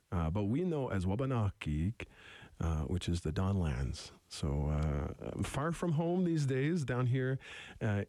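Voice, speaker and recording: A young adult man from eastern Canada with a deep radio voice, talking reflectively as a musician guest in an interview, halting and restarting often. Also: warm tone, no room sound. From Wolastoqey territory, eastern Canada. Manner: thoughtful, halting, many restarts.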